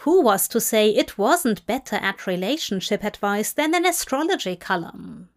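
A woman narrating a fanfic in a slow, measured reading. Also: mid-range voice, very animated. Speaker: fanfic reader. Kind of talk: scripted narration.

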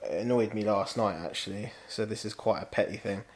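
A man's voice: on the low side, steady tone, fairly quick. A man, a podcast co-host ranting casually and swearing. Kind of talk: casual chat.

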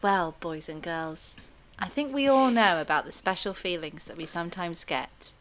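A woman putting on a slow, over-bright voice as an inoffensive female children's TV presenter in an improvised comedy bit. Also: lowish voice, pitched below the performer's own voice, lightly acted. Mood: chirpy. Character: bland, cheery female kids' TV presenter.

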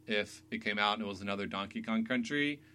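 A man hosting a casual podcast chat about video games, excitable and full of fillers. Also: lowish voice, quick pace, clear, resonant tone. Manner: chatty, excitable, many fillers. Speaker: podcast host.

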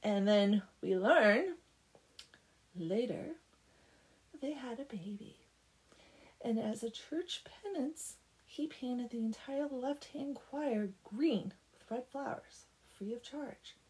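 A woman's voice: a little high, animated, slow, darkish tone, low-quality recording. Chatty woman retelling a folk tale. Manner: chatty, peppered with "like". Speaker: storyteller. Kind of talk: casual story retelling.

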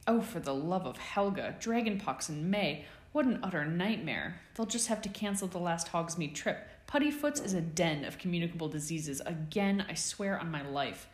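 A woman's voice: on the low side, expressive, normal speed, few pauses, roomy sound, close to an everyday voice. A woman doing a flustered, fussy school nurse. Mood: exasperated. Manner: fussy, exasperated exclamations. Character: flustered bustling middle-aged school nurse.

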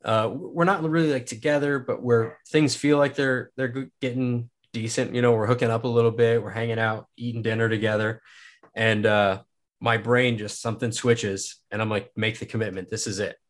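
A man's voice: medium pitch, steady tone, moderate pace. A young man from Kansas, a podcast guest, telling a personal story in a casual, rambling way, full of filler words and swearing.

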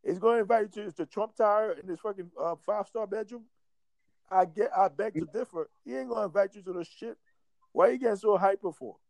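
A man's voice: high-pitched, brisk, creaky, darkish tone, dry recording. A man in casual chat who talks in a rambling, profane way and laughs often.

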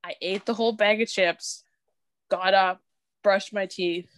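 A young woman from Canada in casual podcast chat, telling an animated story, cursing freely and laughing as she goes. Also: medium pitch, measured pace, no echo.

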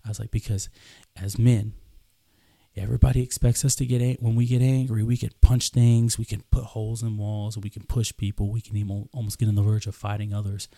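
Gravelly earnest young man storyteller. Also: fairly low pitch, level tone, fairly quick, mellow, no echo. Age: 20s. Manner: earnest, repeats himself, acts out dialogue. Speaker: podcast host. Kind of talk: casual storytelling.

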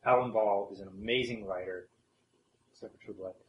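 A man's voice: on the low side, steady tone, brisk, echoey room, lo-fi sound, slight background noise. A man co-hosting a casual film discussion podcast, thinking aloud and hedging with many ums. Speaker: podcast co-host.

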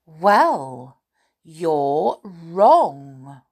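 A woman's voice: mid-range voice, sing-song, unhurried, breathy edge, heavily acted. A woman voicing a clever male teddy bear who schemes and turns cross. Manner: hushed and scheming, then cross.

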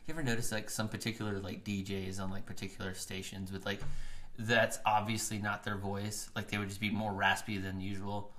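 A man's voice: little pitch movement, brisk, a bit bright. A man co-hosting a casual podcast, rambling with lots of "like" fillers, recorded on a phone mic. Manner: rambling, loose, many "like" fillers. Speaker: podcast co-host. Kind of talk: casual chat. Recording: iPhone mic, low production.

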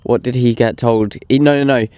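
A man's voice: medium pitch, steady tone, a little fast, a little mellow, clean tone, no room sound. Laid-back young man, dry sound. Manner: laid-back, chatty, laughs often. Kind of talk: casual chat.

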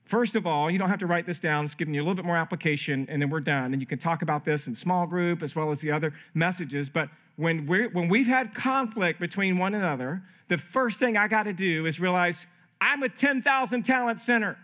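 Animated high-voiced pastor preaching. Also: male voice, brisk. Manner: animated, acts out quoted voices. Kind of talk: sermon. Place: camp meeting hall.

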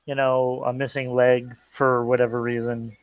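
A man co-hosting a pop culture podcast, chatting casually with relaxed restarts and plugging the show's channels. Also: medium pitch, normal speed, a crowd in the background. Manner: laid-back, chatty, with frequent restarts and plugs. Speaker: podcast co-host. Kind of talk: casual chat.

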